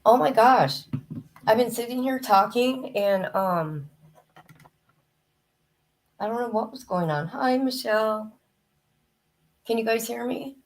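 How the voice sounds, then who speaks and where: A hoarse woman hosting a live stream, chatting casually and greeting her viewers by name. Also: fairly high pitch, expressive, takes it slowly, pauses often. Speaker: livestream host. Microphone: new desk microphone, headset off.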